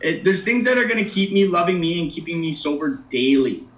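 A man's voice: on the high side, lively intonation, fairly quick, a bit bright. A man giving a personal recovery talk, earnest and plain-spoken, who keeps checking in with his listeners by asking "right?". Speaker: recovery program speaker. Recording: roomy echo, mic at a distance.

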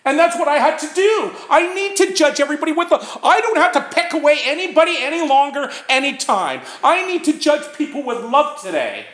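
A man explaining recovery steps to a small group, his pitch swinging widely from low to high as he talks. He tosses in "right?" to keep his listeners with him, and the sound is echoey, as if he is in an open room. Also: lively intonation, fairly quick, few pauses, fairly bright tone. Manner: conversational, frequent "right?" asides. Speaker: recovery speaker. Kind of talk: informal talk on recovery steps.

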